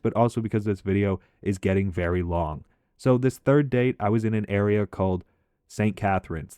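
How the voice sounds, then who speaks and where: Storytime guy: lowish male voice, dry close sound, loose filler-heavy rambling with frank swearing. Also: a little mellow, no echo. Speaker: storytime commentator. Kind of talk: casual storytelling over gameplay.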